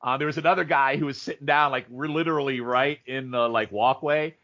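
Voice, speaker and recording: A man co-hosting a podcast, telling stories in animated, rambling casual chat and jumping into goofy impressions. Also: medium pitch, brisk. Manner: animated storyteller, mimics people in funny voices. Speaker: podcast co-host. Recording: dull lo-fi audio.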